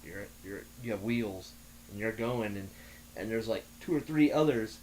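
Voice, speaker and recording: A man chatting on a talk show, telling long stories with many halting restarts. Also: lowish voice, darkish tone, a little hiss or hum. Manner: rambling storyteller, halting restarts. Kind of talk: casual podcast chat.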